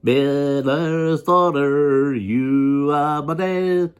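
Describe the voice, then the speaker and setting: A man voicing a squeaky little magic man who sings his rhymes slowly in a country-western style. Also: clear, resonant tone. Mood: sing-song.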